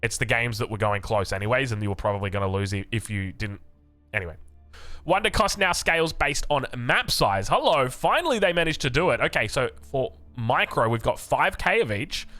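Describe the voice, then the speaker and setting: A man's voice: medium pitch, animated, normal speed, sharp tone, faint music behind. An Australian man giving casual, joking commentary on game patch notes, chatty with frequent restarts and asides. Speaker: gaming content creator.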